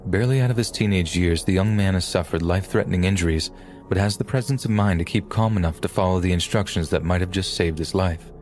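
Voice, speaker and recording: A man narrating a true scary story in a grave, measured way. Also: low voice, darkish tone. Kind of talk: scripted horror story narration. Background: faint music.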